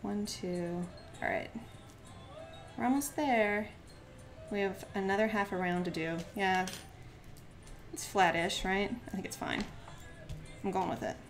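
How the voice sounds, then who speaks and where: A woman livestreaming a craft session from home, talking fast and easily, with plenty of filler words. Her voice sits at a middle pitch, and she drops into quiet counting as she works. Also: soft background music. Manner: counts aloud softly while working. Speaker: crafting live-streamer. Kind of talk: chatty live-stream talk while crafting. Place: at home, standing at a desk.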